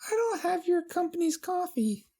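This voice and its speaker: A woman voicing a prim, exasperated young female pony princess in a comedic fanfiction reading, with a shrill, clipped delivery. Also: moderate pace, heavily acted. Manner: shrill, clipped, deadpan retorts. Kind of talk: comedic fanfiction read-aloud.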